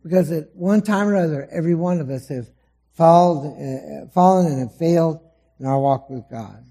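A man preaching a sermon to a congregation, dramatic, acting out the voices he quotes and swinging between loud emphasis and soft, low asides. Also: moderate pace. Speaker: pastor. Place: church hall before a congregation.

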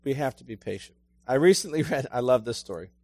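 A man's voice: mid-range voice, animated, fast talker, darkish tone, dry recording. A middle-aged man preaching a sermon in a conversational, storytelling way, often asking his listeners questions.

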